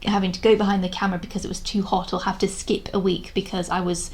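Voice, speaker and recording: A woman's voice: medium pitch, flat delivery, quick pace. A young woman giving a casual vlog commentary, talking frankly and rambling with many restarts, sounding exasperated. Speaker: video creator reviewing a historical drama.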